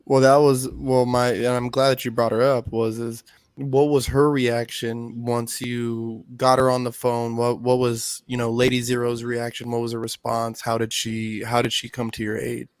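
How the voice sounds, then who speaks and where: A man co-hosting a podcast, asking measured follow-up questions in casual talk. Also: medium pitch, flat delivery, smooth, no echo. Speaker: podcast co-host. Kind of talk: casual chat.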